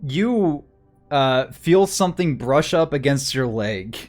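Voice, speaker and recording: A man runs a tabletop game and narrates in an easy, chatty way, with frequent fillers and laughs. His pitch sits in the middle for a man, and faint music plays behind him. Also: lively intonation, takes it slowly, darkish tone. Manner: casual, laughs often, many fillers. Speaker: game master.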